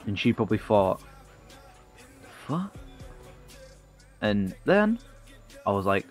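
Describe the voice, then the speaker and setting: A man's voice: on the low side, sing-song, normal speed, faint music behind. A man, telling a rambling comic story full of swearing and self-mockery.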